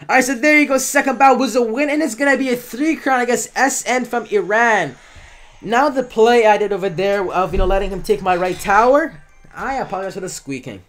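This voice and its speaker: A man's voice: high-pitched, brisk, fairly bright tone, soft background music. A man giving casual live commentary on his own gameplay, chatty and often correcting himself as he talks through each move.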